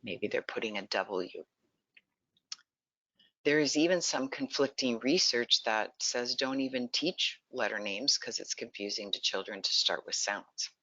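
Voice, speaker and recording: A presenter teaching early literacy in an online webinar, explaining patiently and pausing to ask listeners questions. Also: medium pitch, bright, forceful tone, dry recording. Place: lives in Texas. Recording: dull lo-fi dry sound.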